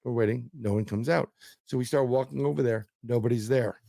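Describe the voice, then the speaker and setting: A man's voice: medium pitch, brisk, gravelly, mellow, dry recording. A man, a paranormal investigator, telling a story as a guest in a casual interview; he rambles, repeats words and acts out quotes.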